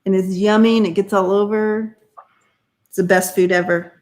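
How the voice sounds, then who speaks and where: A woman's voice: mid-range voice, steady tone, moderate pace, a little mellow. A woman co-hosting a casual livestream, playful and talking to viewers by name. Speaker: co-host doing readings.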